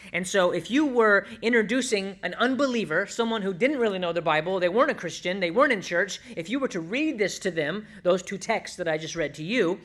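A male pastor delivering a sermon in a high, bright, forceful voice. He leans hard on scripture, drawing key words out slowly, then tosses off quick asides to his listeners. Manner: emphatic, slows down to stress scripture, asides to the congregation.

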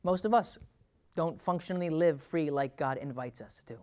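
A man preaching a sermon as pastor to his church, swinging from loud emphatic passages to hushed, intimate asides. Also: medium pitch, steady tone, normal speed.

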